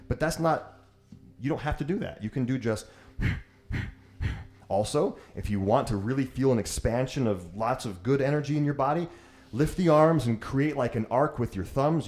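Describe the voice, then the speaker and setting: Lively-voiced male yoga teacher. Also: mid-range voice. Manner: easygoing, joking, encouraging. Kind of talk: guided breathwork class.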